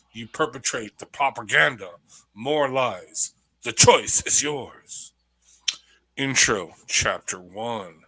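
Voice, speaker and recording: A man reading a joke sponsor ad in a put-on deeper radio announcer voice. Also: bright, forceful tone, slightly rough, dry recording, heavily acted.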